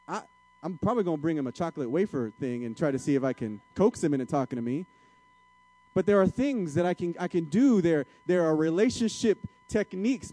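A male pastor preaching in a conversational way, his voice mellow and warm. He sits a little higher in pitch than most men. He shifts between quiet, confessional asides and emphatic appeals to the congregation. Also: lively intonation, a little fast, no echo. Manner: conversational, starts soft and confessional, grows emphatic and exhorting. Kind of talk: sermon.

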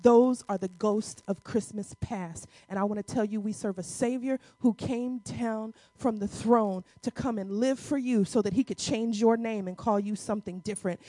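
Animated high-voiced woman preacher. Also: no echo. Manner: animated, emphatic, vernacular preaching with congregation calls. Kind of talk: sermon. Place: church before a congregation.

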